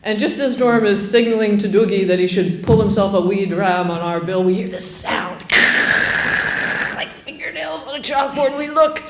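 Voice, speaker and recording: Animated woman storyteller. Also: medium pitch, normal speed, reverberant. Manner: lively, animated and comic. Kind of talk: live storytelling to an audience.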